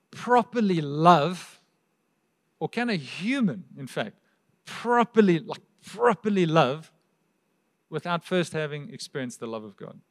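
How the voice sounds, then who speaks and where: A man's voice: on the high side, fairly bright tone. A man preaching a sermon as pastor, with a South African accent, talking to the congregation in an easy, conversational way and throwing out rhetorical questions. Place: church hall.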